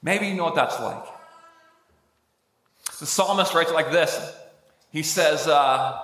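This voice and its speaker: Pastor, male, high and animated delivery, dramatic pauses; roomy church reverb. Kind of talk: sermon. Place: church sanctuary. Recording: echoey church hall with faint music.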